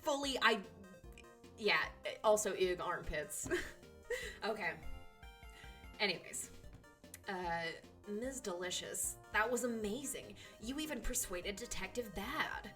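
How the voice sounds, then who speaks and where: A woman streamer chats casually, giggling often and swearing offhandedly. Her voice is bright and clear. Soft music plays faintly behind her. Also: mid-range voice, animated, slow, pauses often. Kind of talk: casual chat.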